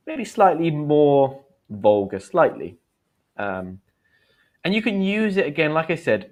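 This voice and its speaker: Chatty English teacher in his thirties. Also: mid-range voice. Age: 30s. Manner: chatty, explains slang with quick examples and acted lines. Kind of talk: live-streamed English lesson.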